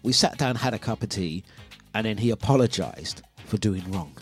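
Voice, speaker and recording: A man, hosting a breakfast radio show and telling a story in a lively, casual way, acting out his own quotes. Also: on the low side, moderate pace, faint music behind. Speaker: radio host. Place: radio studio.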